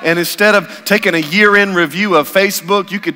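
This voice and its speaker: A man's voice: sits high, fairly even intonation, brisk, few pauses, pushed and bright. A man preaching a sermon as pastor, impassioned and repetitive in his delivery. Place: church sanctuary. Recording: long church hall reverb.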